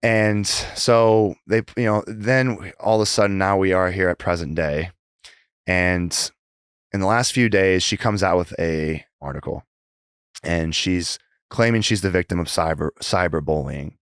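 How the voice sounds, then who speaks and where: A man's voice: low-pitched, a little slow, smooth, no room sound, clean studio sound. A man in his thirties, a podcast guest, telling his story in a rambling casual way with many restarts. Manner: rambling, frequent restarts, acts out remembered conversations. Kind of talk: casual interview conversation.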